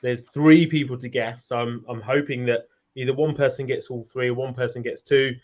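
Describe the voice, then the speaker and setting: A man's voice: medium pitch, fairly even intonation, moderate pace, darkish tone, dull audio. Chatty British man hosting a Q&A. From United Kingdom. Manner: chatty, rambling, laughs easily. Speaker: host of a community Q&A. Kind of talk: casual online chat.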